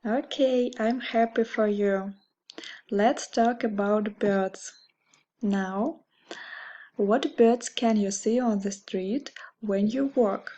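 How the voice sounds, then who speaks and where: A woman teaching English with a Russian accent, speaking slowly and carefully and repeating words for learners. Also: medium pitch, warm tone, rough recording. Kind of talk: slow English lesson for learners.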